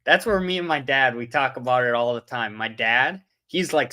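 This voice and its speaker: Young man, livestream host, casual rambling chat, bright forceful tone. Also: mid-range voice, normal speed, few pauses. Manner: rambling, loses his train of thought. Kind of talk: casual live-stream chat.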